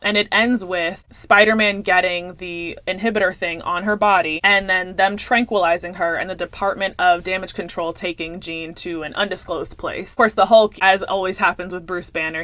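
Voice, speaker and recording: A woman's voice: fairly low pitch, dry recording. Chatty woman recapping a movie. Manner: chatty, animated, addresses viewers as y'all. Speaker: movie reviewer. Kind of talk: casual movie recap vlog.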